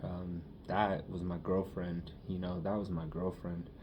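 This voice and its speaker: A young man talking through his feelings in a personal monologue, halting and rambling, with many fillers. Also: low voice, level tone, highs cut off, noisy background.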